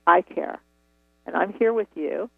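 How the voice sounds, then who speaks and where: A woman voicing her gentle, nurturing inner voice, calm and soothing, over a tinny phone line. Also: fairly low pitch, measured pace, creaky, husky, no room sound, exaggerated voice.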